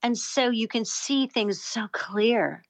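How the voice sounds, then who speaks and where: Animated storytelling woman filmmaker. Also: fairly high pitch, slow pace. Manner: animated storyteller, acts out quoted voices, many "you know" fillers. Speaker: filmmaker guest. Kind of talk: storytelling interview talk.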